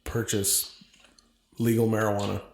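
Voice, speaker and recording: Gravelly low-voiced American man in an echoey room. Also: measured pace, a little hiss or hum. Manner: animated, swearing, opinionated. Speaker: podcast co-host. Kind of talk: casual chat.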